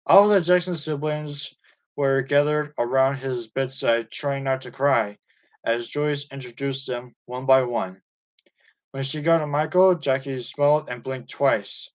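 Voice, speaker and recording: A man reading a music biography aloud chapter by chapter, in a steady and even manner. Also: mid-range voice, a little slow, low-quality recording. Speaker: audiobook reader.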